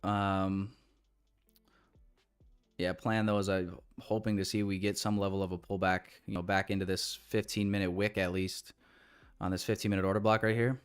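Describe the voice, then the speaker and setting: A man's voice: low voice, flat delivery, moderate pace, clear, resonant tone, faint music behind. A man giving casual live trading commentary in a laid-back, slangy way with lots of fillers. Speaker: day trader streamer.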